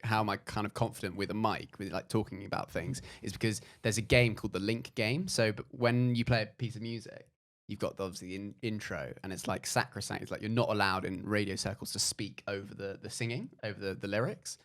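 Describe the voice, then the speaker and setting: A man in his twenties, a podcast guest, telling a casual anecdote in an animated, rambling way with many fillers. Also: lowish voice, brisk, hardly any pauses.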